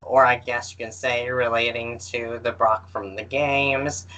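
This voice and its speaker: A man's voice: mid-range voice, flat delivery, pushed and bright, low-quality recording. A man co-hosting a podcast in casual chat, hesitant and full of fillers. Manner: slow and hesitant, with many fillers. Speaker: podcast co-host. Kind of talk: casual chat about games.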